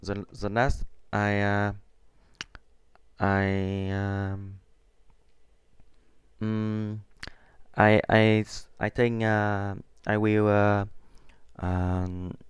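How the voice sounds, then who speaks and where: A man's voice: lowish voice, little pitch movement, very slow, long pauses, clean tone, dry recording. A Vietnamese man speaking English with a Vietnamese accent, hesitant and full of fillers as he practices. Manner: hesitant, many fillers and restarts. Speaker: student.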